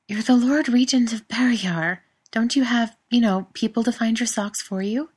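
A woman voicing a dry-witted adult wife and mother who speaks in a teasing, wry way, a little higher and louder than her narration. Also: moderate pace, breathy edge. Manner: teasing, wry, raised brighter delivery.

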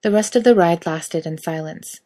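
A woman reading a story aloud in steady, quiet narration. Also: lowish voice, normal speed. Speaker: reader.

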